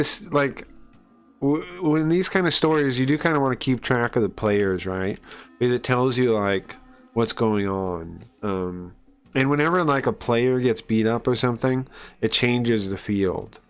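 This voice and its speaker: Rambling male streamer, low-key. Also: clear, resonant tone. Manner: rambling, explanatory, many fillers. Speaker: streamer reading a comic aloud. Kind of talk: casual live-stream commentary.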